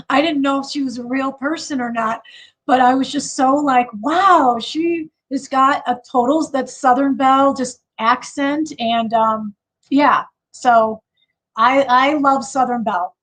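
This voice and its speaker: A chatty woman with a Chicago accent hosts a live stream, talking in an unhurried way. Her voice sits a little high, and she laughs often and breaks off to start over. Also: a bit bright, rough recording. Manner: chatty, laughs often, many fillers and restarts. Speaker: livestream host. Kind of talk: casual live chat.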